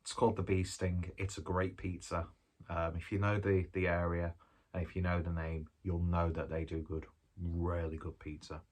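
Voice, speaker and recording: A man's voice: low-pitched, flat delivery, moderate pace. A man, chatting casually while reviewing and eating a pizza, rambling from one aside to the next. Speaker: food reviewer. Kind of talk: casual food review vlog.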